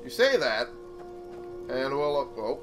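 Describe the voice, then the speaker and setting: A man's voice: medium pitch, sing-song, slow. A young man giving casual, chatty gameplay commentary, thinking aloud and swearing freely. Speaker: let's play host. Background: game music.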